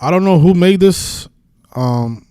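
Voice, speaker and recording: A man's voice: high voice, animated, unhurried, warm tone, clear, resonant tone, no echo. A man hosting a casual live-stream about sports betting, talking in a heated, profane, rambling way with many restarts. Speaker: sports betting video host.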